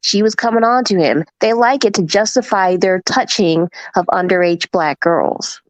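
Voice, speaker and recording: A woman's voice: mid-range voice, normal speed, dry recording, rough recording. A woman panel guest giving impassioned, emphatic commentary. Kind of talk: opinionated commentary.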